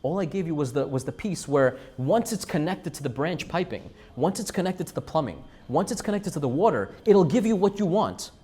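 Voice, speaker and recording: A man's voice: fairly high pitch, animated, a little fast, few pauses, mellow, breathy edge. A man doing an earnest, generous mayor.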